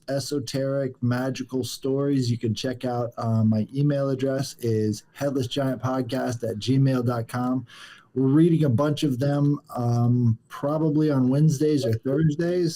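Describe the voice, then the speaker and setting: A man on a podcast video call, plugging his show in a relaxed, hesitant way with plenty of fillers. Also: medium pitch. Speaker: podcast guest and fellow podcaster. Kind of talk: casual plug of his show.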